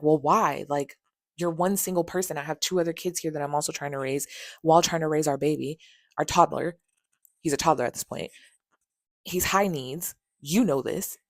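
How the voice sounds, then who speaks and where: Vlogger, woman, thirties: lower voice, dry close sound, candid and sarcastic storytime delivery with plenty of swearing. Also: creaky, no echo. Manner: candid, exasperated, sarcastic retelling; swears freely. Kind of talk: storytime vlog.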